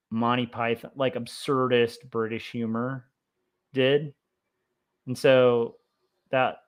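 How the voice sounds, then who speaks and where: A young man talking loosely to his stream audience while he sketches, in a mid-pitched voice. He drifts from thought to thought with plenty of fillers and sounds keen on the history he's digging into. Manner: rambling, many fillers, excitable about history. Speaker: comic artist streaming his drawing. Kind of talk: casual livestream chat while drawing.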